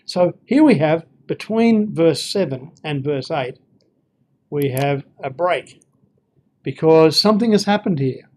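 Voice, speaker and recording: A man's voice: fairly high pitch, measured pace, vocal fry, mellow, a little hiss or hum. A man giving an informal Bible lesson, thinking aloud with fillers and reading verses with feeling. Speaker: Bible teacher.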